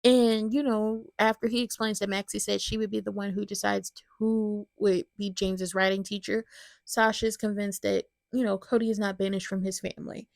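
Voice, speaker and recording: Gravelly-voiced woman recapping soaps. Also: mid-range voice, moderate pace, no room sound. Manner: chatty and animated, talks straight to viewers. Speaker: soap opera recap host. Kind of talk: casual soap opera recap commentary.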